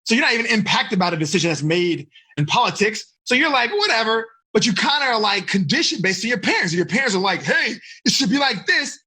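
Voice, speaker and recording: A man coaching teenagers in a live online seminar, energetic and full of rhetorical questions, on a computer mic. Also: sits high, quick pace, hardly any pauses, breathy edge. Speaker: life coach.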